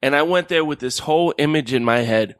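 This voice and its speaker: A man's voice: a little high, brisk, clear, resonant tone, dry recording. A man from Miami co-hosting a podcast in casual chat, telling stories with playful voices. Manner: animated storytelling with playful character voices. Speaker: podcast co-host presenting a list.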